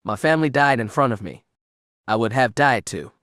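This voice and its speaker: A man's voice: medium pitch, expressive, moderate pace, fairly bright tone, no echo, studio quality, natural voice. A man voicing a haughty, bitter young female Sith apprentice with a refined, clipped manner in an audiobook reading.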